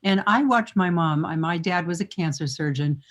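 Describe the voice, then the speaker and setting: A woman in her seventies, a former morning TV host, telling lively anecdotes as a guest and laughing often. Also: on the low side, normal speed. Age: 70s. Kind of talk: storytelling interview chat.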